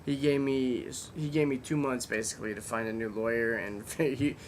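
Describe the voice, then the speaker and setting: A man hosting a casual podcast chat, telling stories in a blunt, profane, animated way. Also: normal speed. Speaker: podcast host. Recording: faint rumble and background noise.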